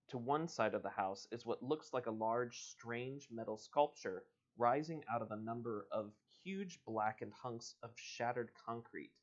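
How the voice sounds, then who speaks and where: A man hosting a live stream, reading an adventure book aloud at an unhurried pace and stopping for casual asides. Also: on the low side. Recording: dull lo-fi stream audio.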